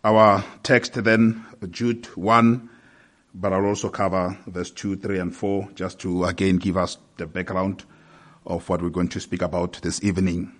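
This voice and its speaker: Man preaching, measured with fillers. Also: low-pitched, flat delivery. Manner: measured preaching with hesitant fillers, rising in force when reading scripture. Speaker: pastor. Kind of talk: sermon.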